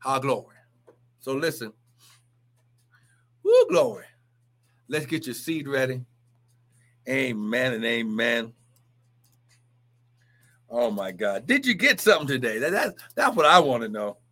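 A man's voice: medium pitch, sing-song, a little slow, long pauses, bright, forceful tone. A man preaching a livestreamed sermon with fervent exclamations and repeated phrases.

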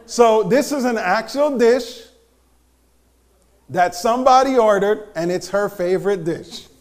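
A man giving a live talk to an audience, animated and joking, teasing the crowd as he goes. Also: high voice, a little slow. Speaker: speaker presenting to an audience.

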